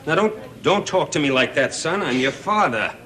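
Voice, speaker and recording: A man's voice: on the high side, animated, moderate pace, a bit bright. An actor playing a rich, lonely middle-aged father in a sitcom, pleading with his estranged son over the phone and then covering it with forced bluster. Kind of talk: sitcom acting. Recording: studio audience laughter.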